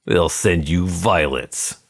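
A man's voice: low voice, slow pace, creaky, slightly rough, exaggerated voice. A man voicing a hard, wary male gangster on the run, in clipped, guarded tough-guy talk. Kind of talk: audiobook character voice.

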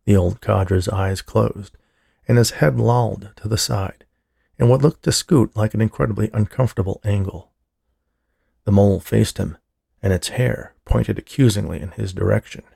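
Gravelly low-voiced male narrator. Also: normal speed, warm tone, no echo, studio quality. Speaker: horror story narrator. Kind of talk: scripted narration.

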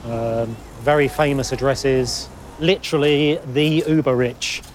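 A former police officer talking casually while walking outdoors, relaxed with fillers. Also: male voice, medium pitch, a little slow, slight background noise. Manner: relaxed, conversational guide with fillers. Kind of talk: casual chat on location. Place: city street outdoors.

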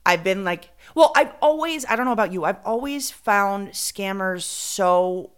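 A woman's voice: medium pitch, animated, measured pace, clean tone. A woman co-hosting a podcast in casual chat, rambling and dropping in Spanish fillers. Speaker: podcast co-host.

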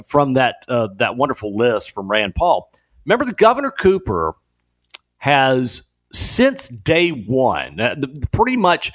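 A man guest-hosting a talk radio show, talking in an animated, incredulous way with laughing asides. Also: mid-range voice. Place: radio studio.

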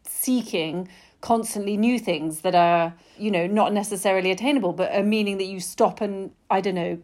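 A woman's voice: medium pitch, moderate pace, a little mellow. A woman interviewer who thoughtfully sums up her guest's points in conversation. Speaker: interviewer, host.

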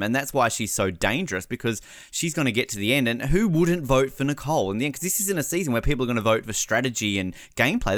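A young man co-hosting a podcast in a casual chat, animated and quick to jump into high voices when quoting people. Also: no room sound, studio quality. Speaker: podcast co-host.

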